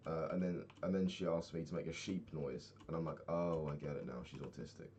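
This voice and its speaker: Low-voiced young man rambling casually. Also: fairly even intonation, a little fast, darkish tone, slight background noise. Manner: rambling, swears freely, laughs often. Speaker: vlogger. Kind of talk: casual video-diary chat while gaming.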